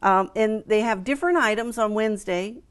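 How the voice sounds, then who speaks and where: A middle-aged woman with an American accent chats about a show she runs, her pitch sitting in the middle range. She talks eagerly, stacking details with frequent fillers and little restarts. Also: a little fast. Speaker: quilt show executive director. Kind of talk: relaxed interview chat.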